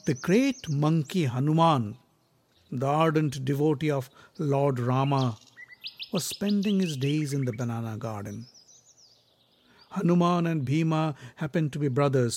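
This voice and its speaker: A man's voice: mid-range voice, a little mellow. Man telling an epic tale. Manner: measured, dramatic storytelling delivery. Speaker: storyteller. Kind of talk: scripted narration of an epic tale.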